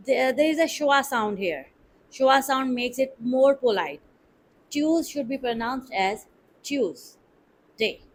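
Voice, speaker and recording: Slow, deliberate woman teaching pronunciation. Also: a little high, a little hiss or hum, rough recording. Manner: drills words one by one, repeating each syllable.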